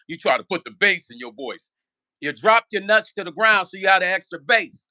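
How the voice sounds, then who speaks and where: A man on his own channel, ranting with a high-pitched voice. His tone is bright and edgy, full of curses and repeated questions. He talks straight to the viewers about someone who wronged him. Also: animated, normal speed. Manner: profane, repetitive, rhetorical. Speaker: vlogger; musician. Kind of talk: heated casual rant.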